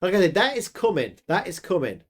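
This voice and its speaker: Northern english guy joking around, high voice that swings all over. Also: a little fast. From England. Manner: animated, jokey banter. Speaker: co-host. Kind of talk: casual chat.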